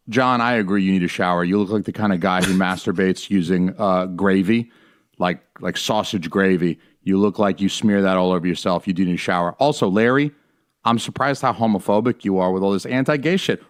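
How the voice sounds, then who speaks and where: A man competing on a comedy podcast panel, giving a profane, mocking, fast-riffing rant. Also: fairly low pitch, no echo, clean studio sound.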